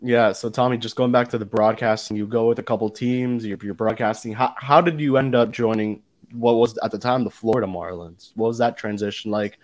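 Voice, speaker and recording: A man's voice: lowish voice, steady tone, a little fast. A man co-hosting a podcast who asks the guest a long, loosely worded question. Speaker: podcast co-host. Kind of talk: casual interview questions.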